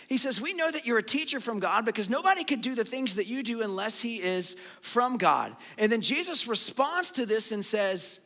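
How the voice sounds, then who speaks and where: A man's voice: sits high, bright, forceful tone. A man teaching a sermon, asking the audience questions and then answering them himself. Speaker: pastor. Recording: long hall reverb.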